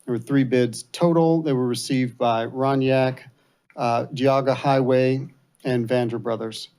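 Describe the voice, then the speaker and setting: A man's voice: mid-range voice, fairly even intonation, a little slow, a little mellow, clear, resonant tone. An American man, the mayor, reading bid results into the record in a matter-of-fact way.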